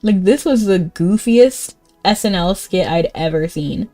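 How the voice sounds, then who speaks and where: A woman's voice: on the low side, animated, measured pace, mellow, dry recording, faint music behind. A young woman chatting casually and rambling while playing and reading a game. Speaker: game streamer. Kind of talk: casual gameplay chat.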